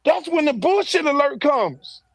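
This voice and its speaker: Man with a very high, gravelly voice, dry sound, fiery profane rant, pounding rhetorical questions. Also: big pitch swings, measured pace, no room sound. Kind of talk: heated political rant.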